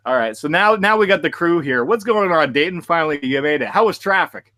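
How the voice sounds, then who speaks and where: A man's voice: a little high, lively intonation, fairly quick, pushed and bright, no room sound. A man hosting a podcast in casual chat, rambling and laughing often. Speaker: podcast host.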